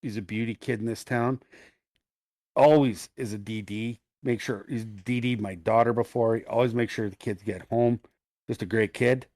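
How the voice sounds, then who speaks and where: A middle-aged man, co-hosting a podcast, tells an animated, profane story in casual chat. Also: mid-range voice, no echo, studio quality. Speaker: podcast co-host.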